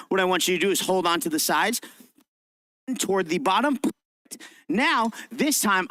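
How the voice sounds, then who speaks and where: A young man presenting a lively, interactive children's science show and telling a story, encouraging the kids in the audience. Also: high voice, no echo. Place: library event room.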